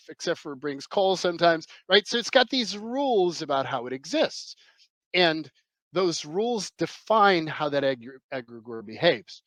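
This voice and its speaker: A man's voice: on the high side, fairly bright tone, dry recording, rough recording. A man explaining his ideas as a podcast guest, in a rambling, emphatic way with many restarts. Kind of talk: conversational explanation.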